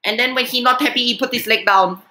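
A man's voice: extremely high pitch, fairly even intonation, quick pace, sharp tone, roomy sound, exaggerated voice. A man doing a comedic of a disapproving middle-aged uncle, with broken-phrasing. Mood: mock-disapproving. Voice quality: broken-English phrasing, scolding.

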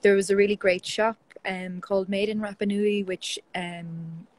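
An Irish woman, a guest in a casual interview, telling stories in a lively, chatty way over a video call. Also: medium pitch, moderate pace, low-quality recording. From Ireland.

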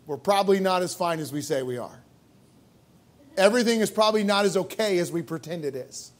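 A man's voice: high voice, animated, a little fast. A male pastor preaching a sermon in a church, emphatic and full of rhetorical questions. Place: church sanctuary.

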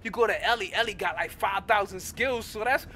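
Gamer guy, high bright voice, ranting, profane, exasperated, laughs through the anger. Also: brisk, a little hiss or hum. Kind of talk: angry gaming rant.

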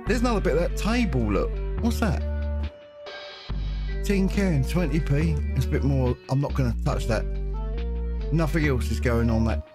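A man's voice: mid-range voice, expressive, moderate pace, long pauses, music in the background. A man hosting his own gaming channel, chatting and joking to himself while he plays. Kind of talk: let's play commentary.

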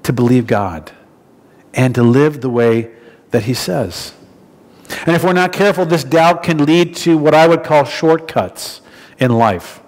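Guy from new jersey giving a sermon, kinda high voice, chatty with lots of restarts, long church echo. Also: darkish tone. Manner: conversational storytelling with frequent restarts. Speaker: preacher. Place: church hall.

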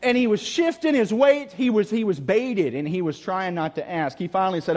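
High-voiced preacher in a big echoing hall. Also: male voice, animated, a little fast, hardly any pauses, a little mellow. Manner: dramatic, calls out questions to the audience. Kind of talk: camp meeting sermon. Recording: long reverb of a large hall.

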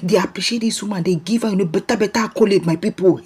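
Nigerian female gossip vlogger, husky mellow voice, lively street-talk delivery. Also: medium pitch, fast. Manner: animated, keeps calling out "my people", mixes Pidgin and English. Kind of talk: casual celebrity gossip commentary.

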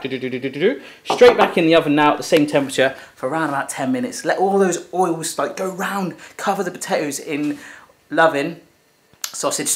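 An English man hosting a playful home cooking demonstration, chatty and jokey, talking to the food as he cooks. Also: on the high side. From England. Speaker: cooking show host. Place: home kitchen.

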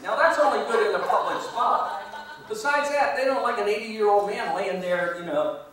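A man's voice: sits high, normal speed, a bit bright, a little hiss or hum. A man, a guest speaker at a meeting, telling a long rambling anecdote and chuckling at his own story. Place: meeting hall. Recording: echoey room from far off.

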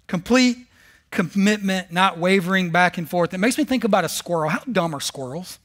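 High, bright-voiced preacher man. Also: moderate pace. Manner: animated storytelling with sarcastic humor. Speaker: pastor. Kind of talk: sermon. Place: church service.

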